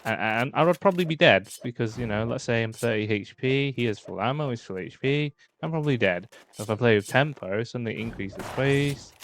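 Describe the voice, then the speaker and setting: A man's voice: medium pitch, brisk, hardly any pauses, a bit bright, slight background noise. A man giving casual, chatty tips while talking over his own gameplay footage, full of fillers.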